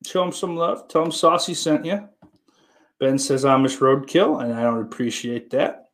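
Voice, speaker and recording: Young male streamer, casual and foul-mouthed, rambles while teasing his chat; average pitch. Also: normal speed. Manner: profane, rambling, teasing viewers. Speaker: livestream host reading chat.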